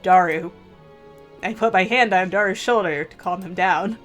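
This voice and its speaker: A woman hosting a let's play, reading a visual novel aloud in measured, slow first-person narration. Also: mid-range voice, a bit bright, faint music behind.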